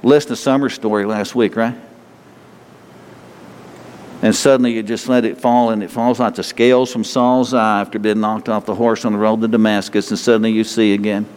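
A man's voice: lowish voice, level tone, fairly quick, darkish tone, clear, resonant tone. A man preaching a sermon and leading a closing prayer, fervent and repeating phrases for emphasis. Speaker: pastor. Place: church sanctuary. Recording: long hall reverb.

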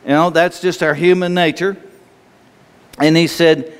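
A man preaching a conversational sermon, slightly hoarse with an itchy throat, asking his listeners questions in a folksy way. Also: a little high, steady tone, measured pace. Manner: folksy, asks the listeners questions, laughs easily. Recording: long hall reverb.

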